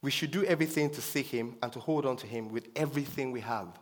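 A man's voice: mid-range voice, quick pace. A man preaching a sermon with emphasis, repeating his key phrases for effect. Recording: long reverb of a hall.

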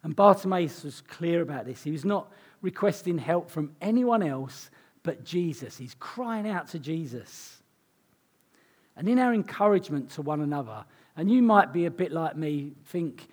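A male preacher delivers his sermon with a hoarse, croaky voice. He sits a little high in pitch and talks earnestly, dropping in conversational asides. The husky edge never leaves his speech. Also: expressive, normal speed.

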